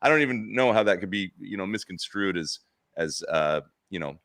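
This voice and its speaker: A middle-aged man hosting a casual interview, joking and teasing in an animated way. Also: low voice, a little fast, no room sound, clean studio sound. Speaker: host.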